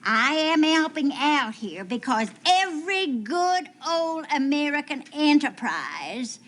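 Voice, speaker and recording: Prim mother; slow, high, lilting. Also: big pitch swings, fairly bright tone, full character voice. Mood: explaining. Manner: slow, deliberate, explaining. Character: prim patriotic housewife mother. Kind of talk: 1970s TV soap acting.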